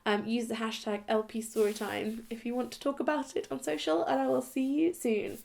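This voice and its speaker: A woman's voice: a little high, steady tone, brisk, vocal fry, darkish tone. A young adult woman vlogger from England telling a story to camera in a casual, giggly, self-mocking way.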